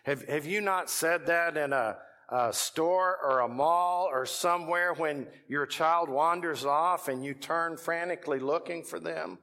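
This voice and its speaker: Texan male pastor, conversational storytelling sermon, slightly high voice, long church reverb. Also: unhurried, hardly any pauses, bright, forceful tone. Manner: storytelling, conversational preaching with rising emphasis. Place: church sanctuary.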